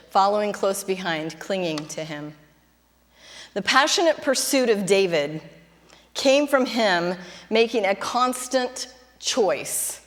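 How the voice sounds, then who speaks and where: A woman's voice: medium pitch, long reverb tail. A middle-aged woman pastor preaching a sermon, chatty at times, then building to fervent emphasis. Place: church sanctuary.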